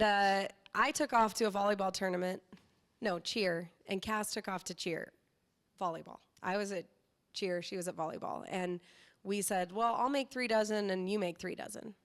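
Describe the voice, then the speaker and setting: Middle-aged woman, from Southern California, animated storyteller, casual interview guest, mid-pitched. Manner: lively, animated storytelling with laughs. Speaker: company founder, guest.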